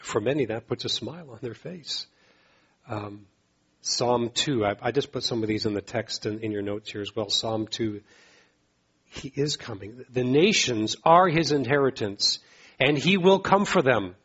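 Male pastor mid-sermon; emphatic, repetitive delivery; husky, muffled recording. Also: moderate pace, a bit bright. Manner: emphatic, repeats phrases, rises in pitch to exhort.

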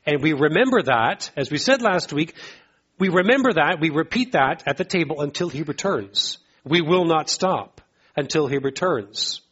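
A man's voice: fairly bright tone, breathy edge, lo-fi sound. Emphatic man preaching a sermon. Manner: emphatic, repeats phrases, rises in pitch to exhort. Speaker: pastor.

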